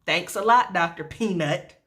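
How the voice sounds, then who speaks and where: A young woman vlogger telling a story to camera in a colloquial, animated way, with sarcastic asides. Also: fairly low pitch, a little slow.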